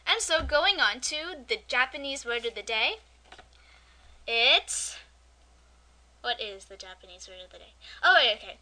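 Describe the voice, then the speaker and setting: A young woman co-hosts a casual amateur podcast, talking in a high voice. Her tone is very bright and sharp. She chats fast and easily slips into animated rants. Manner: chatty, animated, quick to rant. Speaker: podcast co-host.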